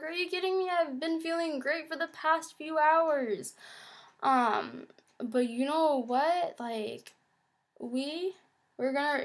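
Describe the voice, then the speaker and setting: Woman talking to camera, kinda high voice, lots of likes, acts out what she was thinking. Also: a bit bright. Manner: chatty, many "like" fillers, acts out her own past thoughts in quotes. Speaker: vlogger. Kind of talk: casual confessional talk to camera.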